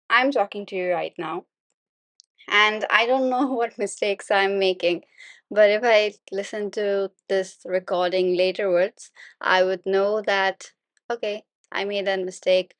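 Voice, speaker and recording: Slow, patient woman teaching speaking. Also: medium pitch, no room sound. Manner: steady, continuous explaining, polite and patient. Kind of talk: unscripted spoken lesson.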